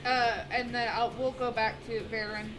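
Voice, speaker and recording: A woman playing in a tabletop game, chatty and playful, with a slightly high voice. Music plays clearly behind her the whole time. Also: little pitch movement, normal speed, fairly bright tone, rough recording. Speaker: player. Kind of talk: casual tabletop game play.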